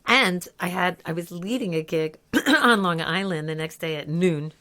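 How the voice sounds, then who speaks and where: Older woman, low voice, lively storytelling co-host. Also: normal speed. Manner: animated storyteller, laughs often. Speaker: podcast co-host. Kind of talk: casual chat.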